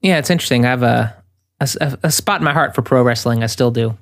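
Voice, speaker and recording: A man's voice: medium pitch, fast talker. A man co-hosting a podcast, chatting casually in an easygoing, rambling way and often correcting himself mid-sentence. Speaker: podcast co-host.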